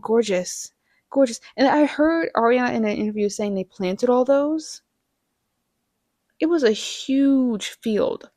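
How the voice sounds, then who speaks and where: A woman's voice: fairly high pitch, darkish tone, no echo, clean studio sound. Gushing young woman reviewing a movie. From American Midwest. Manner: gushing, playful, chatty with little laughs. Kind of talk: casual movie review chat.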